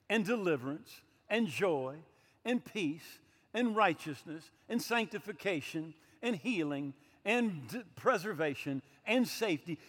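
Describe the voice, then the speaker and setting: A man's voice: high-pitched, fairly bright tone, in a large hall. A man in his sixties preaching a sermon emphatically, with light humorous asides. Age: 60s. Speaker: pastor.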